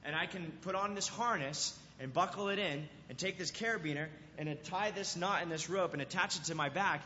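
Young guy youth pastor, kinda high voice, chatty sermon w lots of "like" and "right?", big echoey hall, muffled lo-fi sound. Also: brisk, few pauses, slight background noise. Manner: animated storytelling, acts out scenes, fillers like "like" and "right?". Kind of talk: casual sermon to a youth group. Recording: dull lo-fi sound in a reverberant hall.

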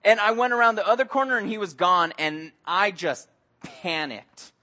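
A man preaches with a high, bright voice. He tells stories with energy and acts out the people in them as he goes. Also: moderate pace. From Mexico. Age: adult with young son. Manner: animated storytelling, acts out voices. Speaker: pastor. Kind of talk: sermon.

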